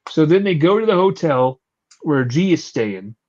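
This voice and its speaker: A podcast host telling a story in casual chat, animated and swearing casually, with plenty of fillers. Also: male voice, a little high, normal speed. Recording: slightly muffled lo-fi recording.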